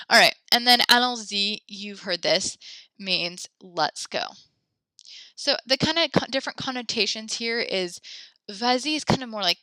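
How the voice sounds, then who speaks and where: A woman's voice: fairly high pitch, animated, measured pace, sharp tone, no echo. A young adult woman teaching a French class, upbeat and encouraging, chatty with fillers as she explains. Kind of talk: online class lesson.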